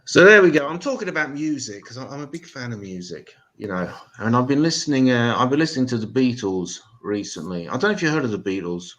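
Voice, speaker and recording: An English man hosting a stand-up comedy show, talking to the audience with sarcastic, swearing asides and deadpan jokes, on a stage mic in a live venue. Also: mid-range voice, fast talker, hardly any pauses, low-quality recording.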